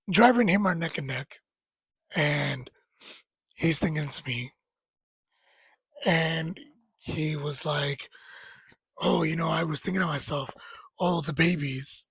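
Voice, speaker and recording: A man in his thirties with a fairly high, breathy voice casually recounts a story about a late friend, rambling, laughing and sometimes tearful as he quotes the friend in lively voices. The low-quality recording has no echo.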